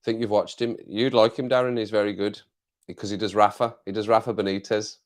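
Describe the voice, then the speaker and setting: Sitting at his home desk with a clip-on mic, an English livestream host chats casually with viewers, rambling, cracking jokes and laughing a lot. His voice is on the low side, his delivery flat and brisk.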